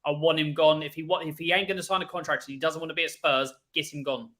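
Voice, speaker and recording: A man's voice: a little high, steady tone, fast, fairly bright tone. A man on a football podcast panel, bluntly defending his views in casual debate.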